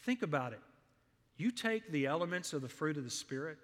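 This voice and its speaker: A man's voice: a little high, sing-song, normal speed, fairly bright tone. A middle-aged man, preaching a sermon in a church, earnest and storytelling, his voice swelling on emphatic lists. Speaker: pastor. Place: church sanctuary. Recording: long hall reverb.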